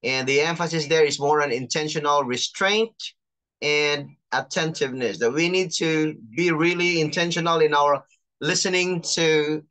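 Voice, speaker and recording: A chaplain teaching an online class, patiently explaining and reading out terms slowly over a video call. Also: mid-range voice, fairly bright tone. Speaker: chaplain and lecturer.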